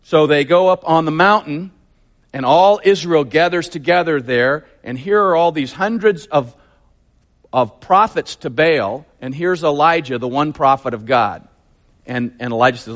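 A man's voice: a little high, unhurried, fairly bright tone. A man preaching a sermon, telling the story vividly and emphatically with lots of repetition.

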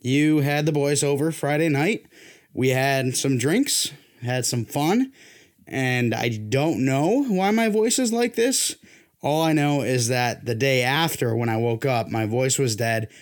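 A man's voice: mid-range voice, expressive, a little slow. Young man hosting a sports podcast. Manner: loose, joking, pushes himself to sound hyped. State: worn-down voice. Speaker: podcast host. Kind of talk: casual sports podcast chat.

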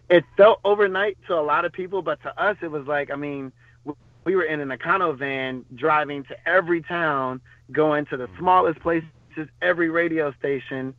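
A man's voice: fairly high pitch, dry recording. Man on a tinny phone line. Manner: rambling, loose, many fillers and restarts. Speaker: podcast guest, former bodyguard. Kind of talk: casual storytelling interview.

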